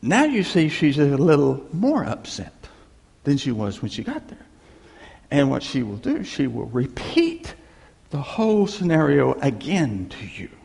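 A male preacher delivers a lively sermon, his gravelly voice sitting a bit high and swinging widely. He tells stories and repeats key phrases. The sound carries a long echo from a hall. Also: unhurried. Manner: animated storytelling with repeated phrases.

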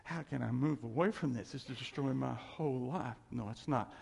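A man preaching a sermon as a pastor, animated, acting out quotes and laughing often, in an echoey church hall. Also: medium pitch, normal speed, vocal fry, husky.

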